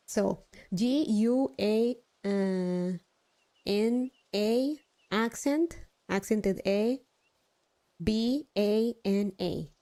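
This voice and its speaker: A woman's voice: medium pitch, drawn-out words, pauses often, mellow. A young adult woman live streaming, chatting casually, swearing now and then and poking fun at herself. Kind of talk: casual chat while gaming.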